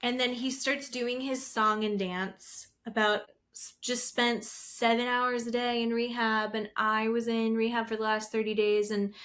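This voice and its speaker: Podcast co-host: gossipy woman in her thirties, slightly high pitch, acts out the people she quotes. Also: little pitch movement, a little slow, hardly any pauses, fairly bright tone. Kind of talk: casual recap chat.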